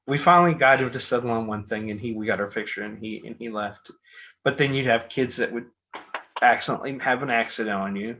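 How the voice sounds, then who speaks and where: A man's voice: mid-range voice, bright, forceful tone. A middle-aged man hosting a podcast, telling a rambling story full of fillers and restarts. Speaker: podcast host. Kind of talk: casual storytelling. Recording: dull lo-fi podcast audio.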